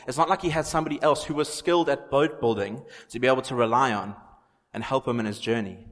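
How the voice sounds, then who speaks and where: A man's voice: medium pitch, fast, fairly bright tone. A man preaching a sermon in an earnest way, repeating phrases for emphasis. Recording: long hall reverb.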